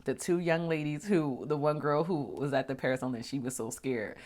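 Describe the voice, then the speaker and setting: A woman with a notably low-pitched voice hosts her own podcast and talks through her experiences in a casual, storytelling way. She gets animated when she acts out conversations, then drops into soft, near-whispered murmurs when she turns reflective. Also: fairly quick. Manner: chatty, animated, acts out dialogue with big pitch jumps. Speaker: podcast host.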